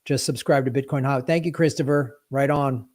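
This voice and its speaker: A man's voice: mid-range voice, steady tone, brisk, a little mellow. A man hosting a live stream in casual chat, playful, breaking into sound effects and silly rhymes. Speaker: livestream host.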